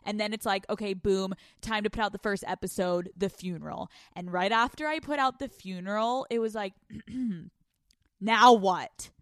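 A young woman hosting a podcast from a couch at home, telling stories in casual, animated chat full of swearing. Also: mid-range voice, normal speed, no room sound, clean studio sound. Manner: animated, profane, storytelling. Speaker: podcast host.

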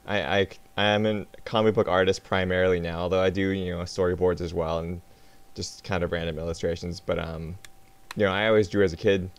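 A man's voice: low-pitched, flat delivery, fairly quick, clear, resonant tone. A man in his thirties, a guest artist on a podcast, talking casually and hesitantly with many ums. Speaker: guest comic book artist.

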